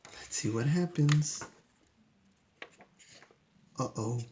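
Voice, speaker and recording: A man's voice: on the high side, extremely slow, mellow, a little hiss or hum. A man reading a picture book aloud to children, chatty and asking listeners questions between pages. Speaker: storyteller. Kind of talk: children's read-aloud storytime.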